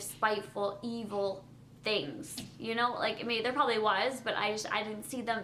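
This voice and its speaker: A woman's voice: a little high, fairly bright tone, a little hiss or hum. A young woman vlogging at home at night, talking casually to the camera with lots of fillers.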